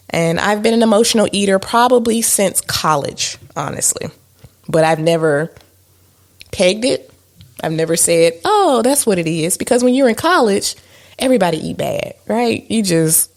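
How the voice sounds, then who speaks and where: A woman's voice: on the low side, vocal fry. A woman co-hosting a podcast in a casual chat, candid and self-mocking, with many fillers. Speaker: podcast co-host.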